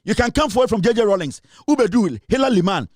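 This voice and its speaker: A man's voice: high-pitched, expressive, fast, a little mellow, no room sound, studio quality. A man with a Ghanaian accent delivering a heated, scornful political rant, repeating himself and mixing in Twi. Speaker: political commentator.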